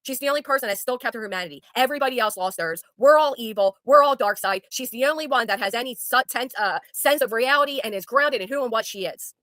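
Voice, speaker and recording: A woman's voice: fairly high pitch, expressive, fast, few pauses, a bit bright, dry recording, clean studio sound. A woman hosting a talk show, speaking in an angry, sarcastic, profane rant to her guest. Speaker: YouTube commentary host. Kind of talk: heated casual talk with a guest.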